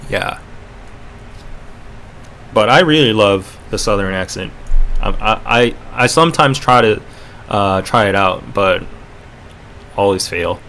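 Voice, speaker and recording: A man's voice: fairly low pitch, animated, slow pace, pauses often, pushed and bright, slight background noise. A man hosting a casual livestream podcast with a North American accent, rambling and chatty with lots of fillers. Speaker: podcast host.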